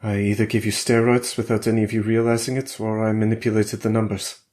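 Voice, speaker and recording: A man's voice: on the low side, level tone, quick pace, darkish tone, pitched above the performer's own voice, close to an everyday voice. A man voicing a tired middle-aged scientist in a thriller audiobook, confessional and resigned. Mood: weary.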